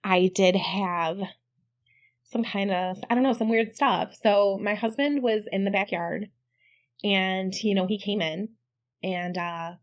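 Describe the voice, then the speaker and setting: Podcast co-host, woman in middle age, chatty, animated storyteller. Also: medium pitch, slow. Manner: chatty, animated when quoting, laughs often. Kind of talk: casual storytelling chat.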